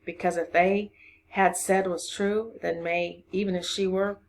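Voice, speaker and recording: A woman reads a children's novel aloud to a class, narrating in a lowish voice. She reads expressively and sounds like a teacher talking to her students. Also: a little slow. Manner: expressive reading, voices for each character. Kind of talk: storybook read-aloud to a class.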